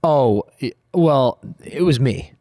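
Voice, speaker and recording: A hungover man co-hosting a podcast, teasing his friend with wry, quick asides in casual banter. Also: medium pitch, lively intonation, dark tone, no echo, clean studio sound. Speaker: podcast co-host.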